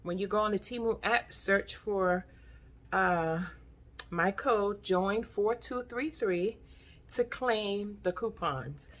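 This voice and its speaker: A woman chatting excitedly to viewers in a casual haul vlog, calling them y'all. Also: medium pitch, slow. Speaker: vlogger.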